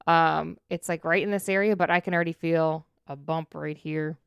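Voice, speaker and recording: A woman's voice: deep voice, moderate pace, creaky, smooth, dry recording, clean studio sound. A woman co-hosting a casual podcast, telling stories animatedly and acting out quotes. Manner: animated storyteller, acts out quotes. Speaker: podcast co-host. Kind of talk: casual chat. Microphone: studio dynamic mic.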